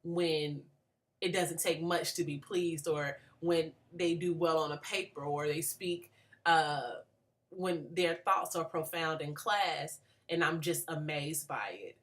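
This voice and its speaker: A woman's voice: low voice, slow pace. A woman in her late twenties giving an earnest, thoughtful spoken reflection on a book for a class, with frequent restarts. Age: late 20s. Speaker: graduate student.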